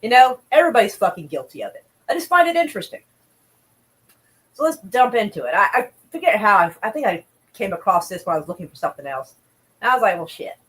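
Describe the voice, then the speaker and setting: A woman's voice: mid-range voice, very animated, fast talker, poor audio. A woman streaming casual news commentary, blunt and profane, chatting with viewers between headlines.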